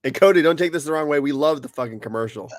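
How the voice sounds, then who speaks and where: A man's voice: a little high, fast talker, no room sound, studio quality. A man co-hosting a casual podcast chat with short, enthusiastic interjections. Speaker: podcast co-host.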